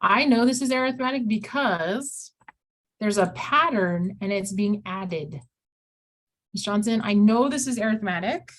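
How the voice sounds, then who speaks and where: A woman's voice: medium pitch, a little slow, fairly bright tone. A woman teaching an online math class, chatty, often acting out her students' questions in a livelier voice.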